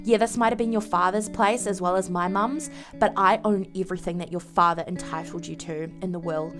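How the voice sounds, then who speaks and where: A woman's voice: lowish voice, steady tone, brisk, music in the background, pitched below the performer's own voice, natural voice. A woman voicing a cold, haughty young woman who curtly dismisses her rival in a life-sim game story. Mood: dismissive.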